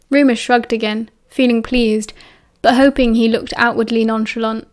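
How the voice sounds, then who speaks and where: A woman with a British accent narrating an audiobook with a steady, expressive reading. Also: fairly high pitch, normal speed, hardly any pauses.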